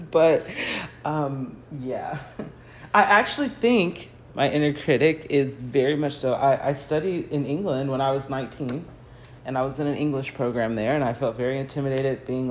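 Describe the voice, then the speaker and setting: A woman's voice: very deep voice, moderate pace, darkish tone, slight background noise. An American woman chats casually through a phone livestream while painting in her home garage. Her talk rambles, is full of fillers, and often breaks into laughter. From United States. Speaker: artist hosting a livestream. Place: home garage, early morning.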